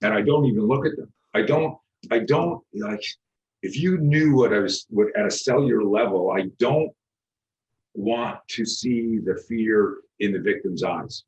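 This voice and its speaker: Middle-aged man, low register, animated guest storyteller acting out dialogue. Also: a little slow, lo-fi sound. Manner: animated, acts out quoted dialogue, frequent restarts, swears. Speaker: guest, self-defense instructor.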